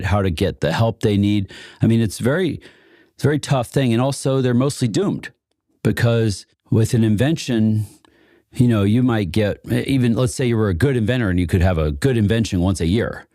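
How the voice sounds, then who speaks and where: A man's voice: fairly low pitch, dark tone, no echo, studio quality. A man being interviewed as an inventor and investor, telling stories casually and laughing often between phrases. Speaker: inventor and venture capitalist guest.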